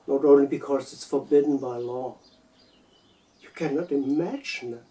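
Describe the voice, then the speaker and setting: German guy thinking out loud, stops and repeats words, mellow voice, mic a bit far off. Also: medium pitch. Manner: hesitant, halting with repeated words. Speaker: video essayist. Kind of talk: unscripted personal reflection.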